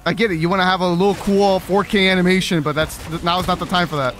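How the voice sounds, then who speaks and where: A man's voice: sits high, steady tone, fast, a bit bright, a little hiss or hum. A man streaming a horror game, swearing, exasperated and repeating himself in panic. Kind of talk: live gameplay commentary.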